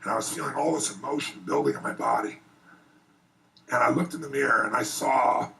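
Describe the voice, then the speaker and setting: A man giving an earnest, animated personal storytelling speech at a private event before an audience. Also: medium pitch, gravelly, recorded from a distance, rough recording. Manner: earnest, animated, rising excitement in retellings. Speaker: motivational speaker.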